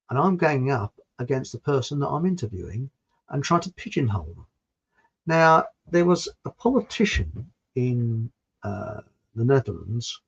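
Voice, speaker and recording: This channel host has a mid-range voice that's creaky and husky. He gives a blunt opinion monologue that digresses often, restarts frequently and includes mild swearing, all in a dull lo-fi recording.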